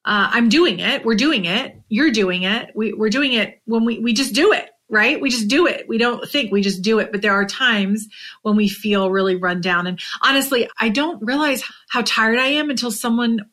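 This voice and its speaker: A podcast host who coaches in direct sales delivers an unscripted motivational monologue, earnest and heartfelt though tired and emotional. Her voice is a little high at a normal speed, and she often sinks into a soft near-whisper.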